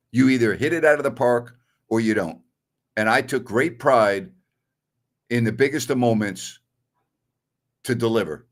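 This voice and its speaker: Blunt, opinionated male sports talk host. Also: medium pitch. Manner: blunt and opinionated, scoffs at callers. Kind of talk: live-stream Q&A answering viewer messages.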